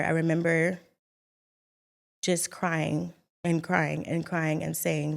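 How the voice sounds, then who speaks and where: A young woman in an earnest, halting, reflective telling of her personal faith testimony. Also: sits low, level tone, vocal fry. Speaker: vlogger sharing her story.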